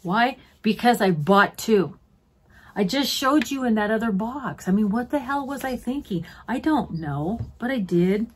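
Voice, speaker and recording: A woman's voice: a little high, lively intonation, unhurried, breathy edge. A middle-aged woman chatting casually as a beauty vlogger, gushing to her viewers like friends while unboxing at home.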